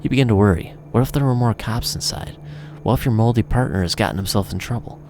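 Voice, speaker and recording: A low-voiced man reads a game's narration aloud in a relaxed, conversational way. He drops in offhand comments between passages. A faint hiss sits under the voice. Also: quick pace. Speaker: gamer reading a visual novel aloud. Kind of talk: reading game text with casual asides.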